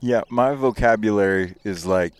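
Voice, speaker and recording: An American man hosts a podcast, chatting casually and often joking and laughing, recorded outdoors near an airstrip. His voice is lowish and clean, at a moderate pace, and the recording is dry.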